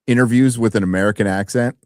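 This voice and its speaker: A man rambles through a casual chat, animated and loose, with plenty of swearing. His voice sits a little low. It is recorded dry and close. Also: quick pace, clear, resonant tone, no room sound. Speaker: co-host of a review stream.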